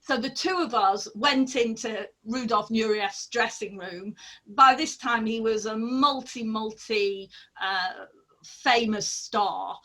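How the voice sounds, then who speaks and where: A middle-aged woman, a former ballet dancer, telling animated anecdotes on a video call with laughter and fillers. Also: a little high, slow pace. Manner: lively, laughing storyteller with many fillers.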